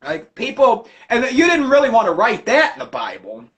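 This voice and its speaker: A man hosting a livestream, ranting about religion with constant cursing and animated storytelling. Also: very high-pitched, moderate pace. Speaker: livestream host. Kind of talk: profane religious rant.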